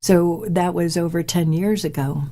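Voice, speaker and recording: A woman in her forties hosting a show, telling a personal story in a candid, reflective, halting way. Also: fairly low pitch, fairly even intonation, mellow. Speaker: host.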